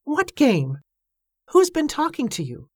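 A woman's voice: high voice, wildly swooping pitch, slow, darkish tone, dry recording, studio quality, voice pushed up, full character voice. A woman voicing a bewildered, pleading heroine.

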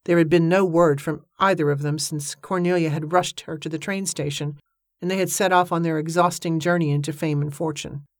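Low-voiced woman narrating an audiobook. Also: steady tone, fairly quick, no room sound, studio quality.

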